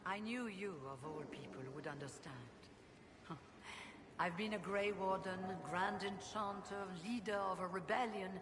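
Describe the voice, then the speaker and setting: Brief: actress as an older woman mage, former rebel leader, measured and regretful, lowish voice, roomy reverb, game ambience underneath. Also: background noise, close to an everyday voice. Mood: reflective. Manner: measured, wistful, reflective. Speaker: game character.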